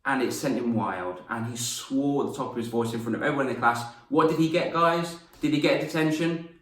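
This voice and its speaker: A young man, a confidence coach and former teacher, telling stories in a lively lesson to camera and acting out voices as he goes. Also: mid-range voice, brisk, distant mic. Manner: animated, laughs at his own stories, acts out voices. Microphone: camera mic. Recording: roomy echo, mic set back.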